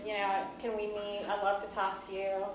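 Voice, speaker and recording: A woman's voice: medium pitch, monotone, moderate pace, a little hiss or hum. A woman in her thirties, earnest and often laughing, telling a personal story to an audience. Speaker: speaker giving a talk. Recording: echoey hall from far off.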